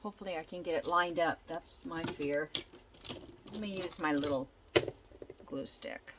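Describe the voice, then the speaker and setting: A woman's voice: deep voice, moderate pace, heavy background noise. An older woman chatting casually as she works on a craft project, thinking aloud and telling a long, rambling story. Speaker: junk journal crafter.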